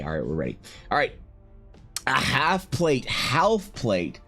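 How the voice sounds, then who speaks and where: On a live art stream, a young man chats casually and banters with viewers, animated and swearing. His voice is fairly low and slightly rough.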